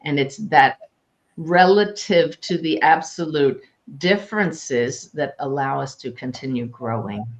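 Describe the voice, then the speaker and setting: A woman hosting a spiritual question-and-answer talk as a medium, chatting in a lively way and laughing easily. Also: low-pitched, measured pace. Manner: warm, animated, laughs easily. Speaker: host and medium.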